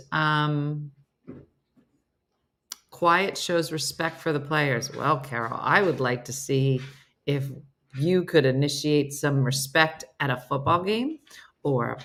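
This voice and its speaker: Woman host chatting away on a live stream, reading comments out, bright voice on the lower side. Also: slow pace. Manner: chatty, reads viewer comments aloud and answers them. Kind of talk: casual live-stream chat.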